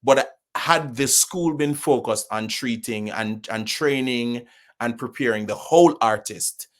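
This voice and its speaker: A middle-aged man from Jamaica with a Jamaican accent, a podcast guest speaking with animated, opinionated conviction in casual conversation. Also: mid-range voice, measured pace.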